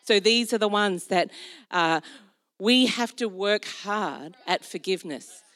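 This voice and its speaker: A middle-aged woman preaching a sermon as pastor, animated, telling stories with acted-out asides. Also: mid-range voice, measured pace.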